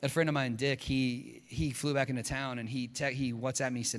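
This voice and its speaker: A man preaching a sermon as pastor, telling a story with lively acted-out quotes. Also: medium pitch, fairly quick, long reverb tail. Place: church sanctuary.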